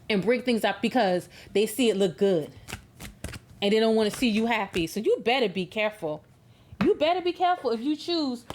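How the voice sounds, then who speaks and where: A woman giving a tarot love reading in an emphatic, preachy way, repeating words for stress. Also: high-pitched. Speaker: tarot reader.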